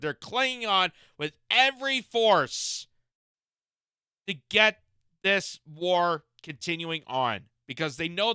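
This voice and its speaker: A man's voice: high voice, sharp tone, clean tone, no echo, clean studio sound. A man giving indignant, emphatic reaction commentary on a political interview clip.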